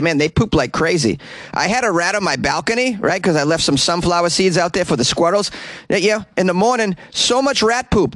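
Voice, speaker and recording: A man's voice: on the high side, no echo. A man with a Boston accent hosting a comedy news podcast, rambling and joking through digressions. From Boston, USA. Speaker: podcast host. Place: small closet.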